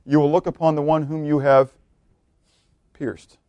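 A man preaching a verse-by-verse sermon, reading scripture aloud, swelling on key words and dropping low, often asking his listeners questions. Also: flat delivery, a little slow, dry recording, dull audio. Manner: emphatic, swells on key words then drops low, asks the congregation questions. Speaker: pastor.

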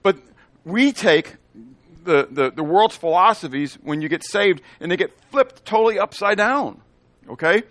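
Male pastor, sermon delivery, higher voice, dry close sound; quizzes the congregation and answers his own questions. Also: unhurried, no room sound. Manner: animated, asks the congregation questions and answers them; playful asides in made-up words.

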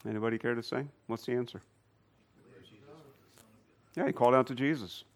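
A man of medium pitch giving an animated Bible lesson to a live group. He keeps questioning the listeners and pushes his voice up when making a point. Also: fairly quick. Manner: animated, quizzes the audience. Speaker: church teacher. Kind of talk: Bible teaching to a class. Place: room with a live audience.

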